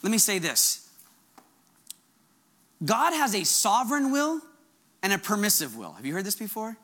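A fervent male pastor delivering a sermon. His voice is high and bright. His pitch swings widely as he drives each point home. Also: normal speed. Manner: fervent, animated preaching.

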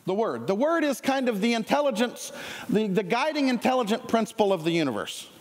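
A man with a Southern US accent delivers a sermon in a lively, chatty way, joking with his congregation between points. His voice sits very high for a man. The sound rings with the long reverb of a church hall. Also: brisk. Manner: lively, conversational preaching with jokes and asides. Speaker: preacher. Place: church sanctuary.

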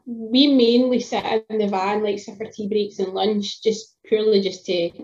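A woman's voice: mid-range voice, steady tone, moderate pace, a little mellow, lo-fi sound. A woman, a tradeswoman chatting casually on a video call, with lots of fillers and laughs. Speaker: tradeswoman guest.

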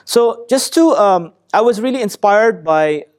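A man teaching a Quran class, talking in a lively, emphatic way, asking his students questions and reciting Arabic verses quickly. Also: sits high. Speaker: Islamic teacher.

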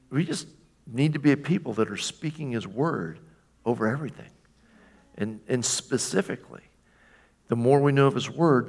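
A man delivering a sermon in an easy, talky way, his voice sitting in a middle pitch. He keeps checking in with his listeners and now and then slips into mocking voices for quoted lines. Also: vocal fry. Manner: conversational, checks in with "right?"; mimics a taunting voice for quoted questions. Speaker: pastor.

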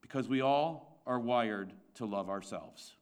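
A man's voice: medium pitch, measured pace, clean tone. A male pastor preaching a sermon to his congregation, asking rhetorical questions, repeating his points and restarting phrases as he goes.

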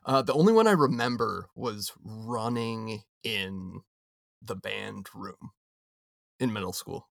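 An easygoing male podcast co-host chats casually. His voice sits lowish and has a strong gravelly fry. The recording sounds dry and close. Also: lively intonation, slow pace, no echo.

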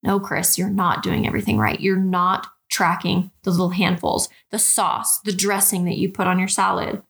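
A woman's voice: fairly low pitch, steady tone, gravelly, a bit bright. Frank, chatty woman coach on a podcast. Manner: direct, frank, keeps addressing listeners as "guys"; chatty, with quick restarts and rhetorical questions. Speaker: nutrition coach. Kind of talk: podcast monologue.

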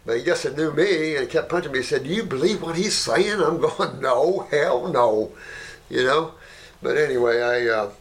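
Rambling, animated man telling stories. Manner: rambling, peppered with "you know" and "right?"; animated, jumps up in pitch when telling stories. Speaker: herbalist running a clinic. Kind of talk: casual anecdotal talk.

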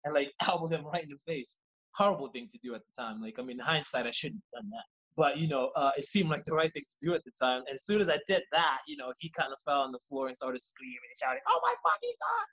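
A man, a podcast guest, telling a story in casual, profane, animated fashion and acting out what people said. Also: mid-range voice, low-quality recording. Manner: rapid, animated, profane, acts out quoted lines.

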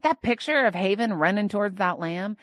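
A young adult woman hosting a devotional podcast, teaching earnestly and emphatically, dropping soft and then rising to exclaim. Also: medium pitch, animated, fairly quick, no echo. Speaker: podcast host and Bible teacher.

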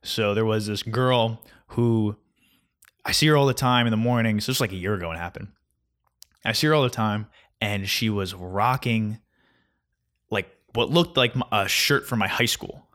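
A man in his twenties from New Jersey, a vlogger, rants casually and sarcastically about his weekend, mocking as he goes and using lots of fillers. His lowish voice moves at a moderate pace and sounds a bit bright.

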